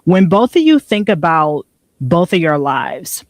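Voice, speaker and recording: A woman's voice: fairly low pitch, big pitch swings, a little slow, no room sound. Woman co-host, reflective motivational chat, dry close sound. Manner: earnest, reflective, frequent "right?" tags. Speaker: podcast co-host.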